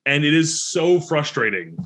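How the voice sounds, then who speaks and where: Animated man co-hosting a chatty podcast. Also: fairly high pitch, a little slow. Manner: opinionated, animated, laughs often. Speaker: podcast co-host. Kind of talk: casual chat.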